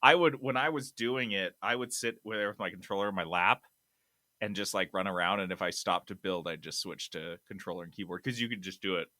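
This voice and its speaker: A man hosting a casual gaming podcast, reading news with animated, loud bursts of enthusiasm. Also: low voice, brisk, no echo, studio quality. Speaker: podcast host. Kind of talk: casual chat.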